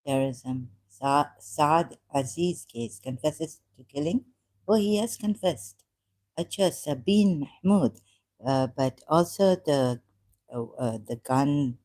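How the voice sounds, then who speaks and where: A woman hosting her channel, talking in a rambling, halting way, often laughing at her own remarks into a USB desk mic. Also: low-pitched, lively intonation, mellow, no echo. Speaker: channel host. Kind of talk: rambling casual livestream talk.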